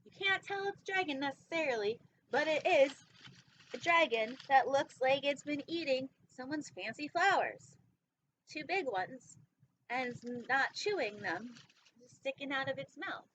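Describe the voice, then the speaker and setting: Goofy high-voiced woman reading aloud. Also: sharp tone, slight background noise. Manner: goofy, rambling asides. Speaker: host reading a picture book. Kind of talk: casual storytime reading. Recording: dull lo-fi recording.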